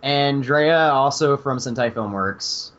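A man's voice: medium pitch, slow pace, fairly bright tone. A man hosting a podcast, talking loosely and laughing often, with lots of fillers. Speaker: podcast host. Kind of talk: casual chat. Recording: dull lo-fi podcast audio.

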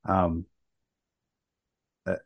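A man's voice: drawn-out words, no room sound. A man co-hosting a podcast, earnestly recounting a personal story in casual talk with many fillers and restarts. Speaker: podcast co-host.

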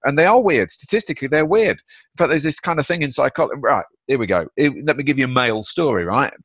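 Guy chatting, energetic and blunt, swears a bit, dry close mic. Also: medium pitch, fast, breathy edge, dry recording. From United Kingdom. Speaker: guest author. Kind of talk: casual chat, storytelling.

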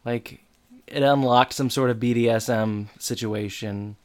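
A co-host talks through a TV episode in loose podcast chat. The voice sits at an ordinary middle pitch. The retelling is full of fillers and quoted lines. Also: steady tone, measured pace, a little mellow. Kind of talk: casual chat.

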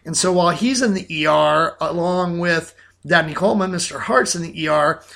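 Podcast co-host, male, high and bright voice, animated and halting, repeats himself. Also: creaky. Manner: animated, repeats words, many restarts. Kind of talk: casual film discussion.

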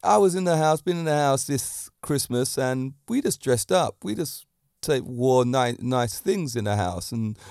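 A man hosting his own podcast, a fitness teacher talking about romance in a lively, preachy way with many rhetorical questions into a handheld mic. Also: medium pitch, gravelly, dry recording, studio quality. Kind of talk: solo podcast talk on romance.

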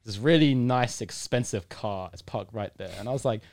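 A young British man, appearing as a podcast guest, tells a long story in a relaxed interview at a moderate pace. His voice sits on the low side, and he animatedly acts out the characters, sometimes bursting into loud excitement. The sound is studio quality with no room noise.

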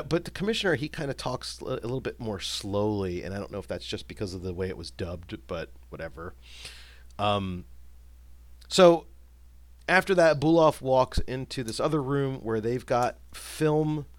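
A man's voice: medium pitch, expressive, moderate pace, no echo. A man co-hosting a casual film discussion, recapping scenes and musing aloud, livening up when he quotes lines. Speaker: podcast co-host.

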